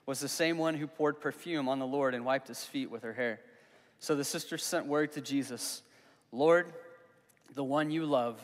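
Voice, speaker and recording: A young man preaching a sermon as pastor, earnest and conversational, pausing for emphasis on key words. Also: fairly high pitch. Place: church hall. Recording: long reverb of a hall.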